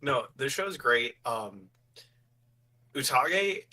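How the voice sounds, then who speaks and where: A man's voice: medium pitch, lively intonation, extremely slow, sharp tone, poor audio. A man co-hosting a podcast, giving his opinion in an earnest, thinking-aloud way. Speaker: podcast co-host. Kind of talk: casual show discussion.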